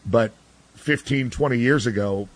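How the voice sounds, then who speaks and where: A man's voice: medium pitch, a little slow. A man giving blunt, ranting sports opinions in casual talk, full of restarts and fillers. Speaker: sports commentator guest.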